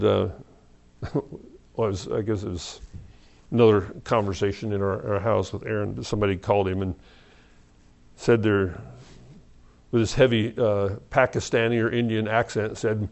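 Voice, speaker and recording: A middle-aged man preaching an evening Bible study, talking in a halting, conversational way with restarts and soft laughs. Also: on the low side, little pitch movement, creaky. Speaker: pastor.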